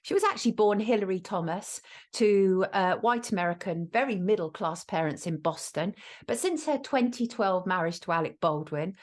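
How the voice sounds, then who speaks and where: A woman's voice: medium pitch, expressive, normal speed. A woman with a British accent hosting a show, delivering a blunt, scornful commentary monologue in a chatty way. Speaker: show host.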